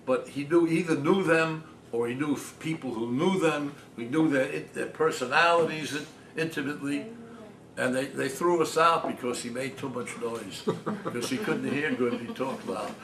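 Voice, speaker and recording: A man's voice: medium pitch, normal speed. Older man telling stories in a roomy cafe. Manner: animated, laughing storyteller, mimics his father's voice. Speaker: author giving a talk. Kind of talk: anecdotal storytelling talk. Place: small cafe, audience present. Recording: roomy, distant mic, noisy.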